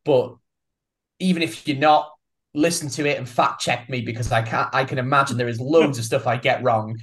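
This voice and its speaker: A man's voice: medium pitch, steady tone, normal speed, a bit bright. Giggly self-mocking Welsh man. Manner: self-deprecating, giggly, rambling. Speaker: podcast co-host. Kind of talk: casual podcast chat.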